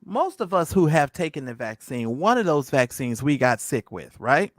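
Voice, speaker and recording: A man's voice: a little high, big pitch swings, normal speed, no room sound. A man co-hosting a casual opinion chat, blunt and profane, hammering his points hard. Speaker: co-host.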